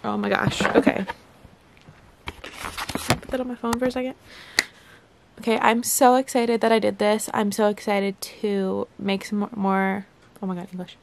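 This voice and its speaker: A young woman unboxing a new camera in a casual vlog, gushing with excited exclamations. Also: medium pitch, normal speed, creaky, long pauses, a little hiss or hum. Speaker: vlogger.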